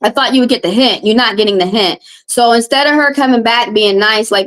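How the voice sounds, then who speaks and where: A woman's voice: a little high, brisk, hardly any pauses, fairly bright tone. Upset woman tarot reader ranting on stream. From American South. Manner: upset, confrontational, repetitive. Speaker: tarot reader and livestream host. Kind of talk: heated live-stream rant.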